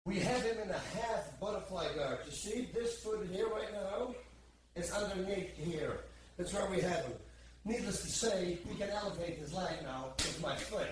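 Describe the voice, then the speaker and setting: Grappling instructor, male, highish voice, counts moves aloud, recorded from across a reverberant training room. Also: moderate pace, a little hiss or hum. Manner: counts moves aloud while demonstrating holds. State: strained under pressure at times. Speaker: martial arts instructor. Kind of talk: instructional demonstration. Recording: echoey room, distant mic, faint background.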